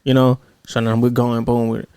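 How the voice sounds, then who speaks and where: A man's voice: medium pitch, completely flat delivery, normal speed, warm tone, smooth, no echo, studio quality. Profane man telling rambling stories. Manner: rambling, profane, acts out quotes. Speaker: podcast host. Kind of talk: casual storytelling chat.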